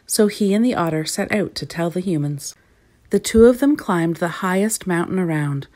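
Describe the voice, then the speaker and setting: Female storyteller, expressive reading voice, slightly low pitch. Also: normal speed.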